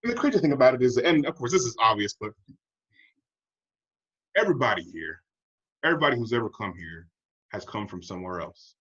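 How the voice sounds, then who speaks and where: A man's voice: medium pitch, big pitch swings, a little fast, long pauses, a bit bright, slightly rough, muffled recording. An American man co-hosting a podcast, talking in a reflective, wry way and acting out other people in a raised voice. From United States. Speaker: podcast co-host. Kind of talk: casual conversation.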